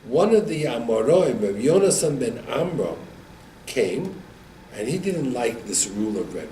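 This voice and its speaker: Animated man telling Torah stories. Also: unhurried. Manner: animated storyteller, acts out quotes with rising pitch. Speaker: Torah teacher. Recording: echoey room, mic at a distance, faint background noise.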